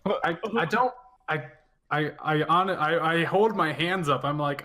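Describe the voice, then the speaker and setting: A man's voice: a little high, a little slow, pushed and bright. A man playing a tabletop game, hesitant and stammering as he speaks for his character. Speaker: player.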